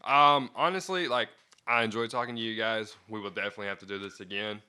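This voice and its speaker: A man's voice: on the low side, steady tone, fast talker, bright, forceful tone, clean tone. A man co-hosting a casual podcast, easygoing and steering the conversation. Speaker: podcast co-host.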